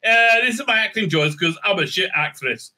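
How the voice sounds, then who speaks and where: A man mimicking a squeaky dithering time traveller. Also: lively intonation, moderate pace, sharp tone, full character voice. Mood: mocking. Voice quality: high, squeaky, exaggerated exclamations. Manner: sneering, mocking. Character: mocking parody of a dithering woman time traveller.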